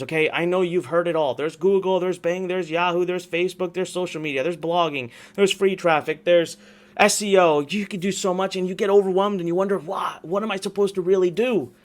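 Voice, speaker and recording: High-voiced man giving a salesy pitch. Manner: animated, repetitive, salesy storytelling with many "okay?"s. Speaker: online marketing instructor. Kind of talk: energetic workshop pitch.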